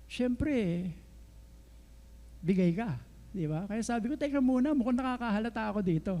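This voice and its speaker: A middle-aged man with a Filipino accent preaching a sermon, telling stories lively and acting out the dialogue. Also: high voice, normal speed. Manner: lively storyteller who acts out dialogue and laughs along. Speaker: pastor. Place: church sanctuary. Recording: reverberant church hall.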